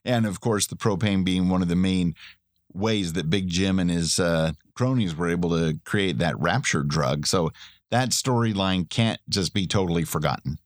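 A man with a fairly low voice, chatting enthusiastically about a TV episode and often laughing along. His voice is recorded close and dry, with no room sound. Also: normal speed, dry recording. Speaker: podcast co-host. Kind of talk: casual TV recap chat.

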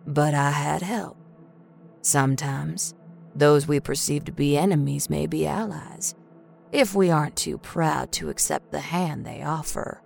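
A woman voicing a scarred woman who tells stories to children, speaking hushed and earnest. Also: low-pitched, a little slow, gravelly, soft background music, exaggerated voice.

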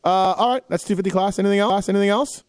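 A man's voice: high voice, quick pace, clean tone, no echo. A man hosting a casual racing podcast, rambling and correcting himself as he reads off results. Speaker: podcast host running through race results. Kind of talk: casual chat.

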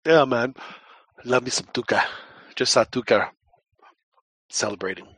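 A man's voice: medium pitch, measured pace, a bit bright, no echo. A man hosting a casual podcast chat, rambling with many restarts. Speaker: podcast host.

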